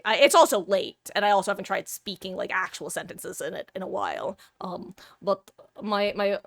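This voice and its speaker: A woman's voice: medium pitch, creaky, no room sound. A woman streamer in a casual live-stream chat who rambles, laughs often and pokes fun at herself. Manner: frequent restarts and filler words.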